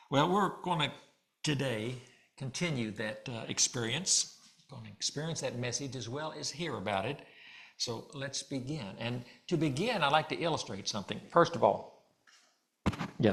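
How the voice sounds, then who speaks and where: Guy minister giving a chatty sermon, cracks jokes, folksy and easygoing, mid pitch. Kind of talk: conversational sermon. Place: church hall. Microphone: handheld or stand mic, slightly ringing.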